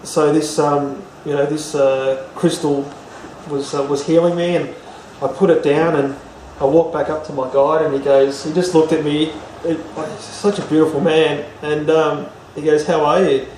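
A man's voice: fairly high pitch, little pitch movement, moderate pace, darkish tone, slight background noise. A man, an interview guest, telling a personal story casually and rambling, with many fillers and restarts. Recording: roomy, distant mic, faint ambience.

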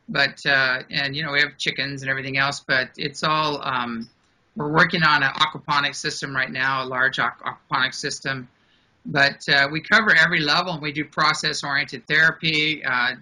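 A man's voice: medium pitch, sharp tone, poor audio. A man interviewed as a guest, talking casually and animatedly with many fillers and frequent laughs. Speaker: guest, ranch founder.

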